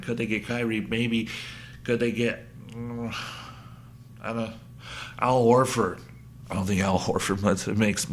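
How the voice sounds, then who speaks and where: A man riffing alone on his sports show. His pitch sits in the middle, and he rambles from one thought to the next, talking to himself as he goes. He stays animated and casual throughout. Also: slight background noise. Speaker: sports podcast host. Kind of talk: solo sports commentary.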